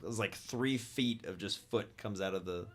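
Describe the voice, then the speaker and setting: A man running a tabletop game as game master, narrating lively and voicing creatures. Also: moderate pace, noisy background. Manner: lively, voices creatures with high squeaks.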